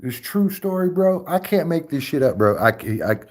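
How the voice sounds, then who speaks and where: A man hosting a casual livestream chat, profane and animated, breaking into laughter often. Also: fairly high pitch, normal speed. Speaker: streamer host.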